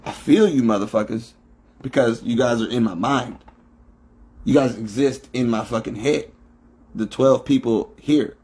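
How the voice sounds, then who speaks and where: A man's voice: mid-range voice, a little mellow, husky. A man hosting a livestream, talking in a profane, emphatic, preachy monologue into his phone. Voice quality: heavy swearing, emphatic and preachy. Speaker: livestream host.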